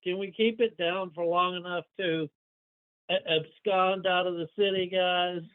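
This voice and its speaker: A man's voice: high voice, steady tone, unhurried. A man playing in a tabletop role-playing game, sounding exasperated as he tries to organize the group. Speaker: player. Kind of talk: casual tabletop play. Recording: tinny phone-like line.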